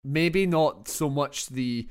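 A man's voice: fairly high pitch, slow pace, clear, resonant tone. A young Scottish man co-hosting a podcast, chatting casually about a film in a rambling, joking way full of fillers. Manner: rambling, jokey, lots of fillers. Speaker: podcast co-host.

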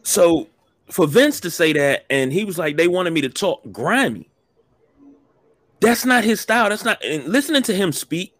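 A man co-hosting a casual wrestling talk show, blunt and animated, swearing freely. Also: sits high, moderate pace, no echo. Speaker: podcast co-host.

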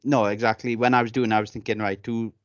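A man's voice: on the low side, level tone, fast, no room sound. Male podcast co-host, casual banter, swears freely; dry, slightly muffled audio. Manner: chatty, swears freely, tells anecdotes with relish.

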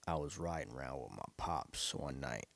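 A man's voice: rumbling low, animated, moderate pace, vocal fry, fairly bright tone. A young man from Brooklyn, talking in a loose, rambling, profane monologue to his listeners. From Brooklyn, New York. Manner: loose, profane, rambling storytelling with frequent laughs. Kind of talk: casual monologue.

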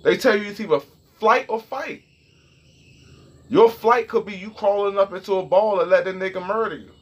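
A man's voice: high-pitched, normal speed, a bit bright, husky, dull audio. A young man telling a story and ranting in a casual, profane, heated way straight to his viewers. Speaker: vlogger.

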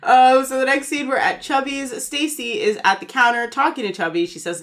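A woman's voice: high voice, brisk, hardly any pauses, fairly bright tone. A woman co-hosting a podcast, chatting casually and retelling sitcom scenes, acting out the characters' lines as she goes. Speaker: podcast co-host. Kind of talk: casual recap chat.

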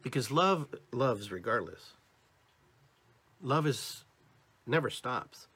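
An American man speaks to his listeners in a spiritual podcast monologue. His voice has a slightly husky edge. He talks with animated, expressive inflections, and his pitch moves widely. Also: slow. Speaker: podcast host.

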